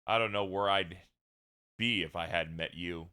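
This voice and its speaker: A man voicing a calm, earnest young mother who gently teases her husband. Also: low voice, moderate pace, clear, resonant tone. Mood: gentle.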